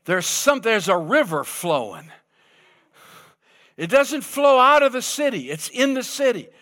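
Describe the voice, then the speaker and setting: A man preaching a sermon, reading scripture slowly and dramatically and calling out for amens from the congregation. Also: very high voice, big pitch swings, sharp tone. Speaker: pastor.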